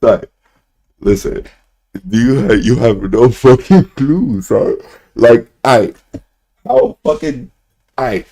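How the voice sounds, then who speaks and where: A man's voice: medium pitch, expressive, takes it slowly, long pauses, warm tone. A young man ranting casually to his stream chat, rambling, swearing and repeating "bro" and "son" constantly.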